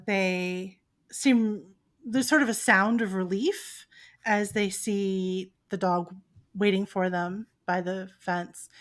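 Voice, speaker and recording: A woman narrating a tabletop game as game master, telling the scene like a story and voicing the sound effects herself. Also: mid-range voice.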